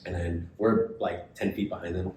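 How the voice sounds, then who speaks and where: A man co-hosting a podcast, retelling a story in casual chat and acting out the other people's lines. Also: normal speed. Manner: animated retelling, acts out quoted voices. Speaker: podcast co-host. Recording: echoey room with faint rumble.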